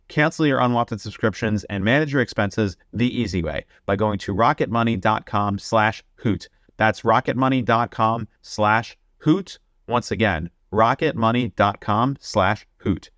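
A man with a lowish voice reads an ad and chats casually on a podcast. His delivery is laid-back and relaxed. The sound is dry and close, with no room around it. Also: no echo. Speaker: podcast co-host. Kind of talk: casual chat and ad read.

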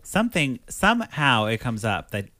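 A man's voice: medium pitch, moderate pace, no echo. Guy rambling thru a movie plot on a podcast, voice bouncing all over, dry close sound. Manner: rambling, animated, acts out characters' lines. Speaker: podcast co-host. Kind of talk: casual chat recapping a movie.

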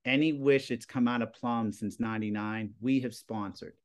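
A man in his forties, a high school TV production teacher, telling stories in a casual interview with lots of fillers. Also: steady tone, moderate pace. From Pennsylvania. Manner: rambling, filler-heavy storytelling with lots of "you know" and "like".

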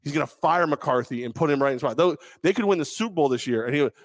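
A man's voice: a little high, lively intonation, fast, no echo. Guy cohosting a sports show, jokey and rambling, dry close headset sound. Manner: jokey, rambling, bursts into loud mocking impressions. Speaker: sports talk co-host. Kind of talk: casual sports chat. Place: studio.

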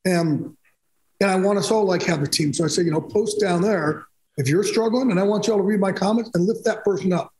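A man's voice: sits high, brisk, darkish tone, echoey room, poor audio. A man telling personal stories as a podcast guest, emphatic and rambling, restarting sentences often. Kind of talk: candid storytelling in a podcast interview.

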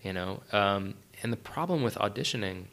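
A middle-aged man with a fairly low, bright, forward voice talks casually as an interview guest. He tells stories in an animated way, often restarting sentences and filling gaps with "um" and "right?". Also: moderate pace. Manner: animated storyteller with many fillers and restarts. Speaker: writer and director, podcast guest.

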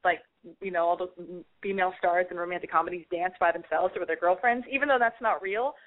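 Profane, fast-rambling woman on a tinny line. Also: lowish voice. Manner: profane, rambling, emphatic pep talk. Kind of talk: casual advice call-in chat. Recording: tinny phone-line sound.

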